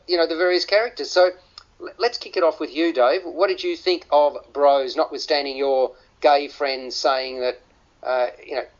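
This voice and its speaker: Stammering radio film host. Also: male voice, a little high. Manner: stammering restarts, repeated words. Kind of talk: radio film review panel chat. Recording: dull lo-fi radio audio.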